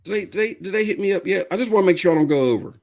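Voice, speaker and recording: A man hosting a live-streamed podcast, talking straight to his viewers in an animated rant that often rises to yelling. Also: high-pitched, rapid-fire, gravelly. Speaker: podcast host.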